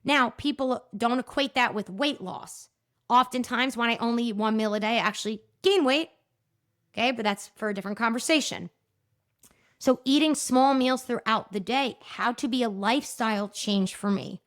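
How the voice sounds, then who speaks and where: A woman's voice: a little high, normal speed, a bit bright. A woman in her thirties hosting a solo podcast, chatty and self-deprecating, often checking in with "okay?". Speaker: podcast host. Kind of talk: casual solo podcast talk.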